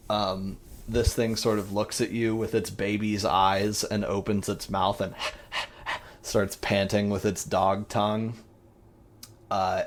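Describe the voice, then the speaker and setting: A man's voice: fairly low pitch, slight background noise. A man narrating a tabletop game as game master, in a rambling, descriptive way with many fillers.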